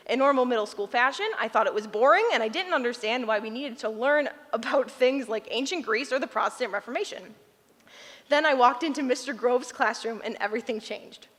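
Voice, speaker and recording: A woman's voice: high voice, a bit bright. A teenage girl reading a heartfelt speech to her teachers at a ceremony, laughing often and getting emotional. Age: late teens. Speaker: graduating student giving a speech. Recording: long hall reverb.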